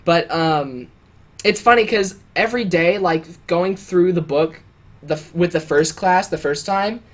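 A man's voice: sits high, measured pace. A young man co-hosting a podcast, telling a story in a loose, rambling way with many fillers and restarts. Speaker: podcast co-host. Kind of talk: casual chat.

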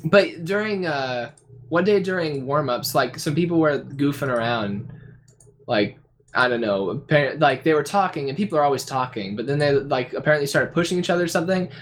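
A man's voice: a little high, fairly quick. Rambling young man telling a story. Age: young adult. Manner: rambling storytelling with many restarts. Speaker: podcast co-host. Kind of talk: casual chat.

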